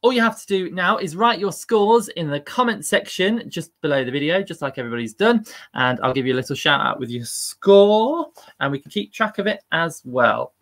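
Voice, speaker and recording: A man's voice: fairly high pitch, lively intonation, normal speed, a bit bright. A man hosting a live-streamed quiz, upbeat and chatty and laughing at himself. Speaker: quiz host.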